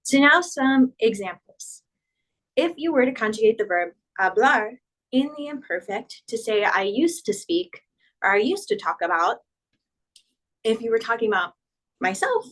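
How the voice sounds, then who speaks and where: Female teacher, patient explainer, walks through conjugation tables slowly and clearly. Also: on the high side, lively intonation, fairly bright tone, low-quality recording. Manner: patient, spells out verb endings, slows down for examples. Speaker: Spanish teacher. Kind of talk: explanatory grammar lesson.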